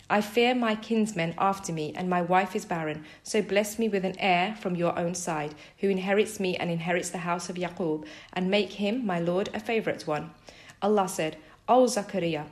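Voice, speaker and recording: A woman reading a scripture translation aloud in a measured, even way. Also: on the low side. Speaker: scripture reader.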